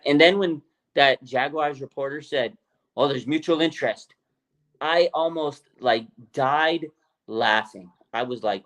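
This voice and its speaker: A man's voice: mid-range voice, unhurried, fairly bright tone. Man, casual livestream host, laughing, mocking, reads chat comments. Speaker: sports show host. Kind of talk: casual live-stream commentary.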